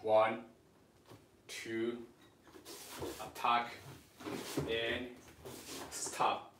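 A man with a Japanese accent leads a livestreamed sword lesson from home. He talks haltingly, with many fillers, coaching and reassuring his students. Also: medium pitch, monotone, a bit bright, a little hiss or hum. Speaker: sword instructor.

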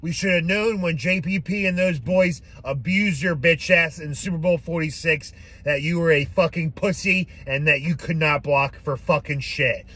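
A man's voice: fairly high pitch, moderate pace, sharp tone, slightly rough. A man ranting angrily and profanely on a fan vlog, recorded on a phone in a car. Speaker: sports fan vlogger.

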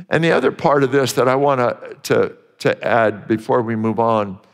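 A man's voice: a little high, long reverb tail. A male pastor preaching a sermon earnestly, repeating phrases for emphasis and sometimes restarting mid-sentence.

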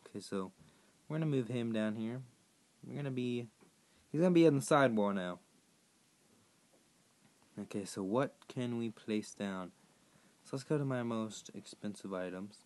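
A hoarse man who has partly lost his voice, chatting casually to viewers as he plays a game and sets tasks for them. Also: medium pitch, moderate pace, long pauses, darkish tone. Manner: rambling, chatty, addressing viewers directly. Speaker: gaming YouTuber. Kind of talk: casual gameplay commentary.

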